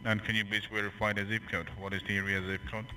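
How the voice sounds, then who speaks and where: A man's voice: lowish voice, little pitch movement, quick pace, sharp tone. A man working a scam call center, who flips from scripted politeness to hurling crude insults. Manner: abusive, hurls insults and swearing. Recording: distant phone line with background hum.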